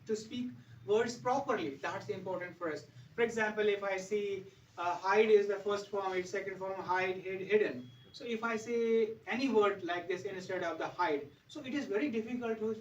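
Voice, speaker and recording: Indian man, English teacher, high voice, earnest, repeats points, roomy distant classroom, dull faint hiss. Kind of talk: classroom speaking lesson. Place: classroom with podium.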